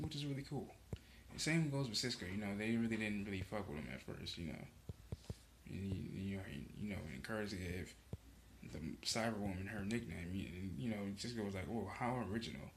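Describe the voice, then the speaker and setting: A man's voice: on the low side, brisk, noisy background. A man casually recapping a TV episode for his vlog, rambling, filling gaps with "you know" and dropping profane slang. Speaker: show reaction vlogger.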